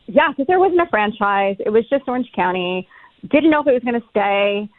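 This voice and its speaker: A middle-aged woman telling stories as a podcast guest in an animated, casual way, cursing freely. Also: mid-range voice, fairly quick, no echo. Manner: animated, swears freely, acts out her own past lines. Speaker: podcast guest, reality TV cast member. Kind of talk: casual storytelling chat. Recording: tinny phone-like line, dry.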